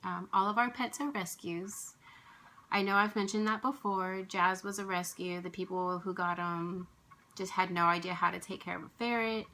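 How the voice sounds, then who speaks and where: A woman vlogger, tearful and emotional, speaking softly and haltingly in casual chat at home. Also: fairly low pitch, creaky, poor audio. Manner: soft-spoken, halting, with restarts and sighs.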